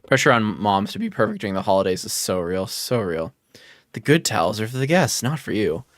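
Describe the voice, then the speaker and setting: A man's voice: lowish voice, big pitch swings, fairly quick, no room sound, clean studio sound. A man hosting a livestream, chatting casually, joking and teasing, and reading chat messages aloud. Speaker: livestream host.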